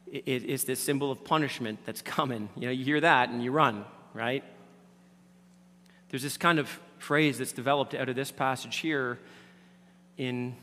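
A man preaching a sermon as pastor, swinging from loud emphatic lines down to hushed near-whispers. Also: mid-range voice, a little hiss or hum. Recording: reverberant hall.

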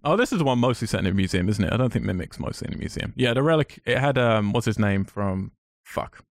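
A man's voice: fairly low pitch, lively intonation, fast talker, vocal fry, no room sound, clean studio sound. A man co-hosting a podcast, chatting about films with enthusiasm and a rambling, restarting way of talking. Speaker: podcast co-host. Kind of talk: casual film chat.

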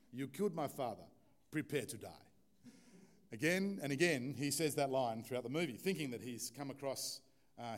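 A man preaching a relaxed, conversational sermon in church, joking with the congregation. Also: mid-range voice. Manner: informal, chatty, joking with the congregation. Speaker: pastor.

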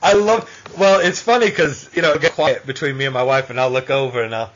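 Podcast host, male, enthusiastic, rambling, husky voice on muffled lo-fi audio. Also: mid-range voice, quick pace, fairly bright tone. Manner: enthusiastic fan, rambling anecdotes. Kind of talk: casual interview chat.

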